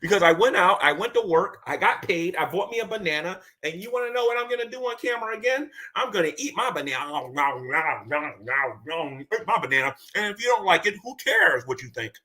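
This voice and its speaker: Male streamer, bright and animated delivery, boastful and taunting. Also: sits high, fast talker, hardly any pauses. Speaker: streamer reacting to clips. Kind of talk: casual livestream commentary.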